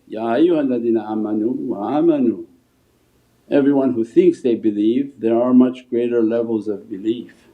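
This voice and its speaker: Man, spiritual teacher, patient Q&A answers, narrow phone-like audio. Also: mid-range voice. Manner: storytelling teacher, answers questions calmly. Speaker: Sufi shaykh. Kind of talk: spiritual talk and Q&A.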